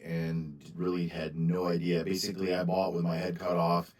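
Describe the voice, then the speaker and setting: A man's voice: sits low, level tone, normal speed, hardly any pauses, rough recording. A man hosting his own channel and talking casually about collecting, rambling with frequent restarts and sounding tired. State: tired, yawning. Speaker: sports card seller and channel host. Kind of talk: casual monologue to camera.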